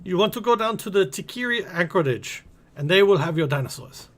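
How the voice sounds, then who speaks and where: A man voicing a brisk male merchant in a port city, speaking in a put-on accent for a tabletop game. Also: sits high, lively intonation, pitched above the performer's own voice. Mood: helpful.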